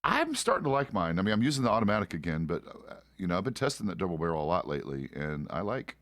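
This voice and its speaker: A man's voice: low-pitched, expressive, racing, no echo, studio quality. A middle-aged man chatting casually while role-playing a frontier deputy, rambling and swearing with many restarts. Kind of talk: casual role-play chat.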